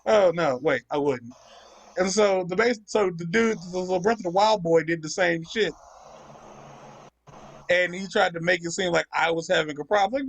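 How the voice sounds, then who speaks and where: Gravelly man ranting over gameplay. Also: sits high, moderate pace. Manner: profane, ranting storyteller. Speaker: gaming channel host. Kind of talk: casual chat over gameplay.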